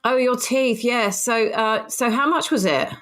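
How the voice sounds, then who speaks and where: A woman's voice: on the high side, measured pace, a bit bright. A middle-aged woman co-hosting a casual podcast chat, laughing often and arguing playfully. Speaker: podcast co-host. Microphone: home podcast microphone.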